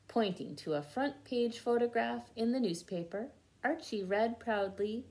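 Reading a picture book to kids, this woman stops now and then to patiently teach the meaning of words. She speaks with a fairly high, animated, mellow voice at a measured pace with few pauses.

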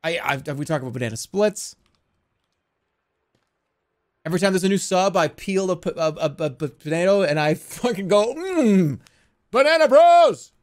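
A male streamer giving casual gameplay commentary, excitable and swearing, with loud shouting outbursts. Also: a little high, normal speed, long pauses.

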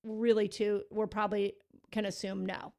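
A woman's voice: medium pitch, flat delivery, moderate pace, gravelly, a little mellow. A middle-aged woman from the United States hosting a podcast, talking earnestly and emphatically with frequent restarts. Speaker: podcast host. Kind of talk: casual interview chat.

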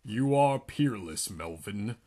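A man doing a stern, deliberate schoolteacher. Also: on the low side, expressive, mellow, a little hiss or hum. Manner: slow, measured, dry commands. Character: stern, unflappable male schoolteacher.

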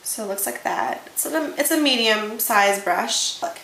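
A woman's voice: on the high side, expressive, measured pace, sharp tone. A young woman chatting casually about makeup she bought, gushing and enthusiastic, repeating words for emphasis. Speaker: beauty vlogger. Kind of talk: casual haul chat. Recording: echoey room with faint hiss.

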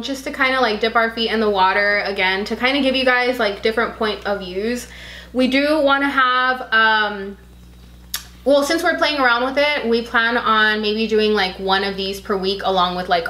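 A woman co-hosting a podcast in a casual chat, talking freely with lots of "like", emotional and quick to tear up. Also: on the high side, sharp tone, echoey room, low-quality recording. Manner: chatty, heavy use of "like"; emotional, easily tearful. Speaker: podcast co-host.

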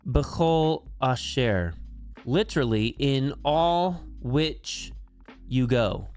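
Slow, deliberate man teaching Hebrew grammar. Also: medium pitch, animated, a little mellow, faint music behind. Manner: slow, deliberate, spells out each term. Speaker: Bible language teacher. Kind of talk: explaining Hebrew grammar word by word.

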